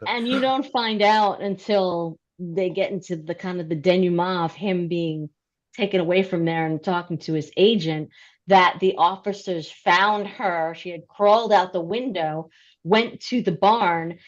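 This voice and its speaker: A woman's voice: fairly low pitch, a little slow, muffled recording. A middle-aged woman chatting in a book club discussion, talking easily and laughing often.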